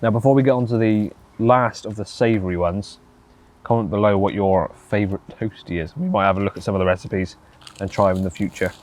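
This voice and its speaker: A man's voice: fairly low pitch, fairly even intonation, a little fast, a little mellow. A man hosting and filming outdoors on a fishing bank, teasing his wife with casual jokes. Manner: teasing, joking. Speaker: channel host filming. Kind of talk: casual banter.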